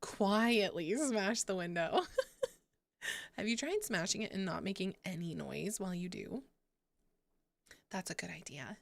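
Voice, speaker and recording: A woman's voice: lowish voice, lively intonation, unhurried, vocal fry, long pauses, a bit bright, no room sound. A young woman hosting a gaming livestream, chatting casually with viewers, giggling and swearing freely. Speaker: livestream host. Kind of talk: casual gaming stream chat.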